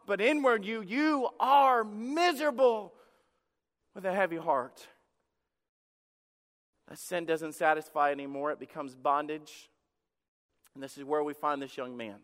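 A man preaches a sermon in a church, with a high, bright, clean-edged voice. He shifts between hushed, intimate stretches and loud, fervent bursts. Long reverb from the hall trails behind every phrase. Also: a little slow, long pauses. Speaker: pastor. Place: church sanctuary.

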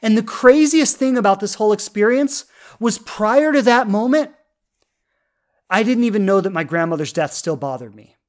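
A woman's voice: mid-range voice, lively intonation, normal speed. Earnest woman coach in her thirties. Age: 30s. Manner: earnest, heartfelt, many fillers and restarts. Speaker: love coach. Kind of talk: personal storytelling talk.

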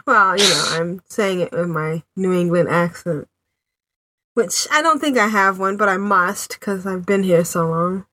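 A woman's voice: on the low side, measured pace, pushed and bright, no echo. A woman hosting a podcast, chatting casually with many fillers and frequent laughs. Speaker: podcast host. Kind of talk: casual chat. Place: home in New England city.

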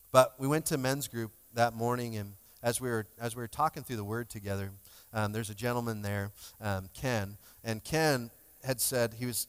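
A pastor with a lowish, clear and resonant voice delivers an emotional, conversational sermon, joking with the congregation. Long hall reverb fills the church sanctuary recording.

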